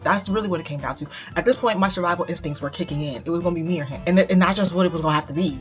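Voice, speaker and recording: A young woman in her twenties from the United States tells a personal story in a casual vlog, animated and laughing as she goes. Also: a little fast, faint music behind. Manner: animated, laughs while retelling, lively pitch jumps. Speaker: vlogger. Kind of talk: casual storytelling while getting ready.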